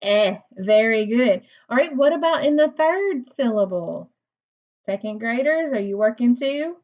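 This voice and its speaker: Woman teacher, slow patient phonics lesson, sounds out words, encouraging, dull lo-fi recording. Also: on the high side, lively intonation.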